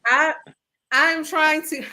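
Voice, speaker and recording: A woman with a rather high, bright voice hosts a casual podcast over an internet call. She tells stories with animation and slips into other people's voices when she quotes them. Her tone stays bright and forward throughout. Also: slow. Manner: animated storyteller who acts out quotes. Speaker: podcast host. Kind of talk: casual chat. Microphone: remote call over the internet.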